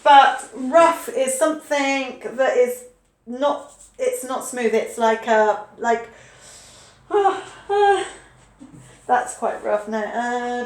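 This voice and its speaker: Patient woman teacher, high voice, unhurried delivery, spells words letter by letter. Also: lively intonation, roomy sound. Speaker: English teacher. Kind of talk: online English spelling lesson.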